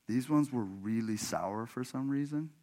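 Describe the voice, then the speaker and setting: A man's voice: medium pitch, a little slow, warm tone. A man from Washington state, a pastor preaching a sermon in a church, telling a personal story in a chatty way and often laughing as he talks to the congregation. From Washington state, USA. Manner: conversational, laughs often, addresses congregation directly. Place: church sanctuary.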